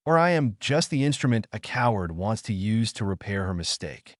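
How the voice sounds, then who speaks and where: A man's voice: on the low side, big pitch swings, normal speed, no room sound, studio quality. A man voicing a brash, crude young man who taunts and curses. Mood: taunting.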